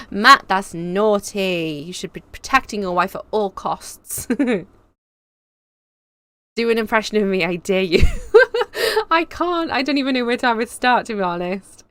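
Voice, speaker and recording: A bubbly young Englishwoman chats away on a live stream, reading out comments from her viewers and greeting them. Her talk is loose and rambling, full of "like" and "um," and her voice sits at an ordinary middle pitch. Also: lively intonation, measured pace, bright, forceful tone, clear, resonant tone, no room sound. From England. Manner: chatty, bubbly, rambling with fillers. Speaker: YouTube host.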